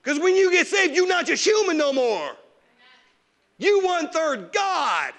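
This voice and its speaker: A middle-aged male pastor preaching to his church with a very high, bright, forceful voice. He swings between loud, animated stretches and quiet asides, mocking the whining of complainers. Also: a little slow. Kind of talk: sermon. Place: church sanctuary.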